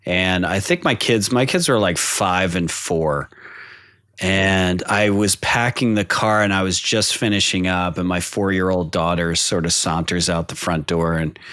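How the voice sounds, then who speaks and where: Man telling animated stories, dry sound. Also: low voice, no room sound. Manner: animated storyteller acting out quotes. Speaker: podcast guest. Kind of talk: casual podcast chat.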